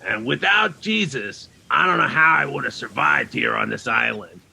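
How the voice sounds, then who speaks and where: This kids' ministry skit monologue features a man as Frank, a happy but lonesome castaway on an island who speaks chummily to children and uses "yous." His exaggerated, animated voice is mid-range, rough, gravelly and bright, at a moderate pace.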